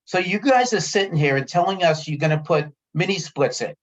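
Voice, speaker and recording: A man's voice: high voice, animated, fairly quick. Frustrated man venting at a town meeting. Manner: frustrated, heated, repeats himself. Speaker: resident speaking at a town committee meeting. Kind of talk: public comment at a meeting. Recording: dull lo-fi meeting audio.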